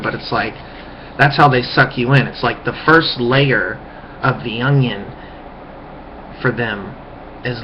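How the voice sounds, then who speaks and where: Ranting angrily and swearing, this male vlogger speaks at medium pitch over background noise. His webcam microphone gives the monologue a muffled, lo-fi sound.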